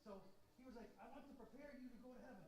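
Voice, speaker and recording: A woman playing the prophet Elijah, an older man with a zealous, fiery temper, telling his story to children in a chatty way that swings from hushed to loud. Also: on the high side, very fast, reverberant, lightly acted. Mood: passionate. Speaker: costumed Bible character for children. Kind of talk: children's Bible story role-play.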